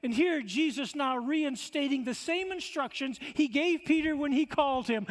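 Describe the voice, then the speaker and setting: A man's voice: extremely high pitch, moderate pace, few pauses. A man pastor preaching a sermon in a church, emphatic, with rhetorical questions and stammering restarts. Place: church sanctuary. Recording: long church reverb.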